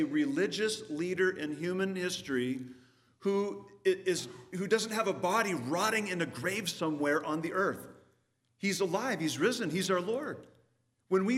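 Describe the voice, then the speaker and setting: Man preaching in a reverberant hall. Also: fairly high pitch. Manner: conversational, asks the audience questions. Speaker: pastor. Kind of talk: sermon.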